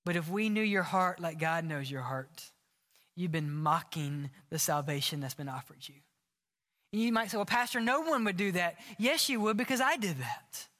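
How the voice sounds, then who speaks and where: A man preaching a sermon as pastor, impassioned and earnest, sometimes dropping his voice low for emphasis. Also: lively intonation, moderate pace, bright, forceful tone. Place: large church sanctuary. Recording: long hall reverb.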